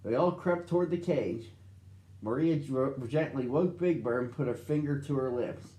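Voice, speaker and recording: A man's voice: medium pitch, normal speed, warm tone, echoey room. A man reading a storybook aloud expressively for children.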